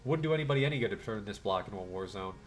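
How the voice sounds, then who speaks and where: A man's voice: fairly low pitch, animated, racing, lightly acted. A man voicing an arrogant woman gang leader, read in a sneering, threatening tone.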